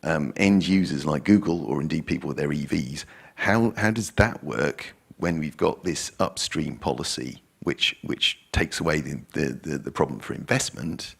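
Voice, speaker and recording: Man asking from audience, very deep, gravelly, husky. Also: lively intonation, moderate pace, hardly any pauses. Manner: technical, rambling. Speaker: audience member asking a question. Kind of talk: question from the audience.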